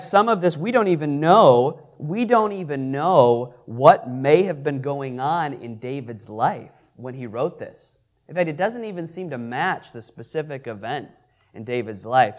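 A man leads a Bible study in a high, earnest voice. He pauses to put questions to the listeners and stumbles over repeated words. When he quotes scripture, his delivery swells with emphasis. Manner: earnest, repeats and restarts, reads scripture aloud with rising emphasis. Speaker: pastor teaching a Bible class. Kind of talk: interactive sermon with questions to the audience.

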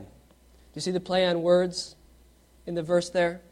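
In a high, unhurried voice broken by frequent pauses, a man delivers a sermon, reading scripture and challenging his congregation with questions. He swings from loud and animated to quiet and emphatic.

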